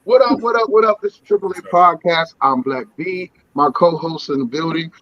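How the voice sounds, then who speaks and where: A man's voice: fairly high pitch, normal speed, no echo. A man hosting a podcast, joking and hyping up his guests in casual banter. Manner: loud, joking, hype. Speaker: podcast host. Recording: muffled with background noise.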